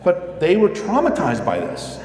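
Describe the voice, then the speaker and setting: A man's voice: high-pitched, huge pitch swings, unhurried, darkish tone. A man giving a lecture, telling anecdotes with emphasis and acting out the dialogue. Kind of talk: lecture with storytelling. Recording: echoey hall, reverberant.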